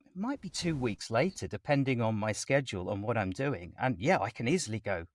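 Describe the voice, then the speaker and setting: This male voice actor, a guest in a casual interview, explains his work in detail with lively enthusiasm. His mid-range voice moves fairly quickly.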